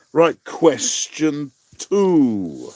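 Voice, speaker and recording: A man's voice: a little high, huge pitch swings, drawn-out words, a little mellow, dry recording. Chatty man hosting a live quiz. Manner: chatty, rambling asides, laughs at own jokes. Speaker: livestream quiz host. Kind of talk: casual live-stream quiz.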